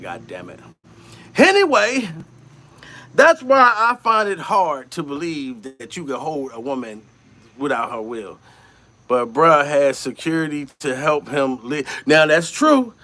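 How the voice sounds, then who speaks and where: High-voiced profane male comedian storyteller. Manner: profane, animated, acts out quotes in raised voices. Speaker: comedian, channel host.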